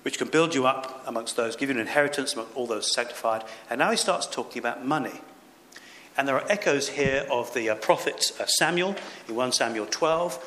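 A man's voice: medium pitch, fairly bright tone. A man preaching a sermon as a pastor, earnest and emphatic, with rising exhortations. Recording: echoey room with faint background noise.

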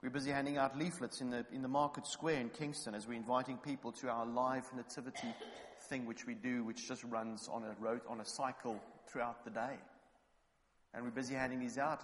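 A man from England preaching a sermon, telling anecdotes and building up to loud, fervent exhortation. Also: medium pitch, brisk, big-room sound.

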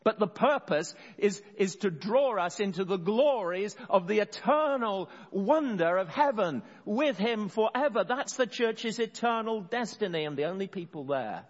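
A man preaching an expository sermon, earnest, slowing down to stress key words and often restarting phrases. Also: high voice, lively intonation. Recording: dull sound in a long-reverb hall.

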